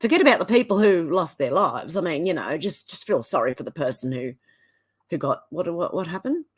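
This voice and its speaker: A woman's voice: lively intonation, breathy edge. A woman with an Australian accent, giving casual commentary and reading posts aloud. She sounds indignant and sarcastic. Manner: indignant and sarcastic, quick swings in pitch. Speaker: commentary vlogger.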